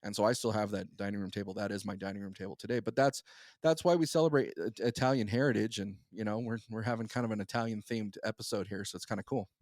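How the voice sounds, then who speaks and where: A man co-hosting a podcast, talking in a relaxed, reflective way. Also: on the low side, quick pace, dry recording, studio quality. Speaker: podcast co-host. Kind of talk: casual chat.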